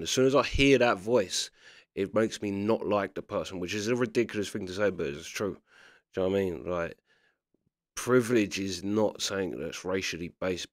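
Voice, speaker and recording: A man's voice: fairly low pitch, no echo, studio quality. A man giving casual commentary while reacting to clips, chatty and always checking you follow him. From England. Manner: chatty, keeps asking "do you know what I mean".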